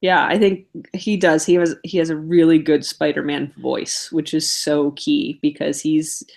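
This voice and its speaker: A woman's voice: low voice, little pitch movement, unhurried, creaky, a little mellow. Chatty, teasing woman podcast co-host. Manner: chatty, swears freely, teasing. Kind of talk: casual movie chat.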